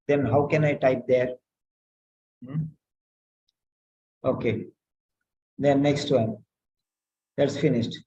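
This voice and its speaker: Slow-talking male writing tutor. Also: mid-range voice, dark tone, low-quality recording. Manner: slow, repetitive, questioning and corrective. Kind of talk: correcting a student's letter aloud.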